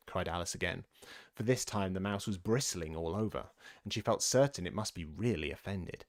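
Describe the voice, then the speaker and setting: A man reading a children's classic aloud in an expressive storybook narration. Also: on the low side, moderate pace. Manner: animated, lively reading voice.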